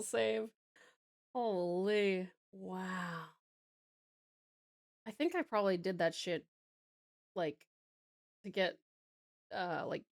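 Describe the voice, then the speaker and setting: A woman's voice: mid-range voice, vocal fry, no echo, studio quality. A woman in her thirties, a streamer chatting with viewers while she draws, rambling and giggling with lots of fillers. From Tasmania, Australia. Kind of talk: casual chat with viewers while drawing.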